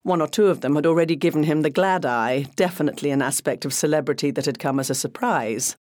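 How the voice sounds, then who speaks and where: A narrator reading a crime novel aloud in an even, measured way. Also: mid-range voice, dry recording, clean studio sound. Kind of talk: scripted audiobook narration.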